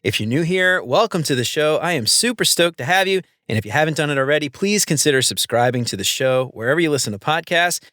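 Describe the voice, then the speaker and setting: A man's voice: a little high, expressive, fast talker, few pauses, sharp tone, no room sound, studio quality. A man hosting a casual podcast, upbeat and laid-back with slangy greetings. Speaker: podcast host.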